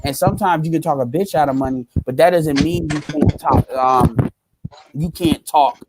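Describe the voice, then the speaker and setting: A man with a fairly high voice speaks at a moderate pace over heavy background noise. Hosting a casual livestream, he talks bluntly, swears a lot, and keeps repeating his points.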